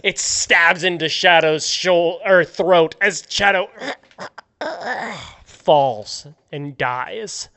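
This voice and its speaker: A man narrating a tabletop game as game master, telling the story slowly with fillers. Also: on the high side, clean tone. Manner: slow, relaxed storytelling with fillers.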